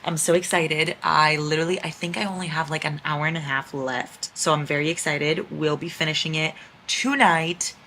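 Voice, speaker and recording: A woman vlogging casually about a book series, excitable, swearing and reacting loudly as she reads. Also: sits low, moderate pace, slight background noise, poor audio. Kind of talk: casual reading vlog.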